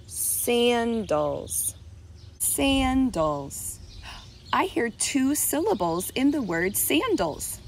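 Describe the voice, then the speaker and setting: A preschool teacher woman speaks to small children in a gentle, unhurried sing-song, drawing out each word so they can clap along. Her pitch sits in a middle range. A faint background noise runs under her outdoor recording. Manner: slow, sing-song and encouraging, stretching words to clap syllables. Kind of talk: children's lesson video. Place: outdoors on a summer day.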